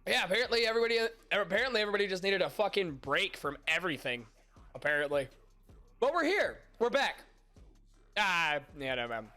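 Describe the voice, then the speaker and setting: Faint music sits behind a young man hosting a podcast stream, his high-pitched voice very animated, fairly quick, and sharp. Congested and nasal from allergies, he chats crudely and casually with his viewers, joking, self-mocking, and swearing constantly.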